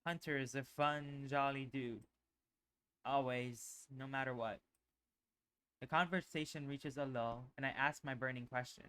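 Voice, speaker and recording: A male streamer reading a visual novel aloud in an expressive, unhurried way. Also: mid-range voice, clear, resonant tone. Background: background music.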